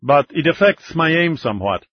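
A man's voice: on the high side, lively intonation, normal speed, lo-fi sound, pitched above the performer's own voice. A man voicing a tall, modest Italian police marksman in an audiobook. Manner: polite, humble, understated.

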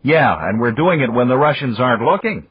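Guy voicing a sarcastic joker astronaut, teasing, higher than his own voice, husky, dry dull audio. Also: animated, a little fast. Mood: sardonic.

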